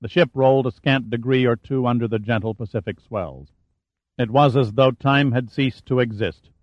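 A man narrates a thriller in a steady, measured voice of middling pitch. The recording is dull and muffled, dry and close, with no room sound. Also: no room sound. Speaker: audiobook narrator.

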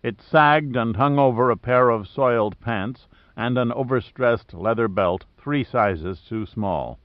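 A man narrating an audiobook in a steady, even-paced voice at an ordinary pitch. The recording is dry, with no room sound, and a bit dull and muffled in tone. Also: measured pace, no echo. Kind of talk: scripted narration.

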